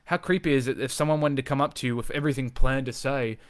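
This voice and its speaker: A man speaking as a social confidence coach in an unscripted live video, energetic and emphatic, swearing freely and repeating phrases for emphasis. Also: mid-range voice, fast talker, no room sound.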